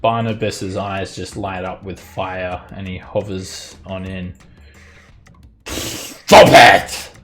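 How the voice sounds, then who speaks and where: A man narrating as dungeon master of a tabletop game, describing the action in a lively way with chuckles. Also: low voice, a little slow, few pauses, soft background music.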